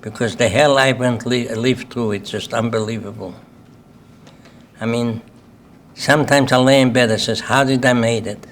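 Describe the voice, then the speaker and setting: A man's voice: mid-range voice, steady tone, normal speed, fairly bright tone, slight background noise. An older man from Lithuania with a Lithuanian accent, giving a plain-spoken personal testimony to an audience at a symposium and often checking in with "okay?". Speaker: Holocaust survivor speaker. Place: symposium hall.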